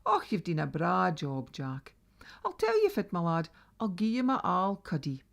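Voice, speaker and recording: A woman's voice: lowish voice, big pitch swings, moderate pace, creaky. A woman with a Northeast Scots accent voicing a hearty, generous middle-aged farmer.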